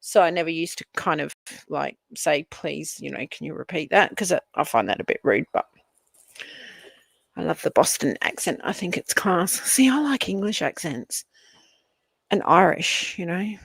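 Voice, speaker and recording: A woman's voice: fairly low pitch, lively intonation, normal speed, creaky, husky, no room sound. A middle-aged Australian woman hosting a livestream, chatting casually and laughing as she reads viewer comments, swearing freely. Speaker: livestream host.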